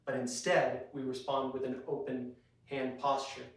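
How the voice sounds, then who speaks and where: A man's voice: mid-range voice, little pitch movement, measured pace. A man preaching to a youth group, earnest and direct, asking the listeners many questions. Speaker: youth pastor. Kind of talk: youth sermon. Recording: very echoey room, voice from a distance.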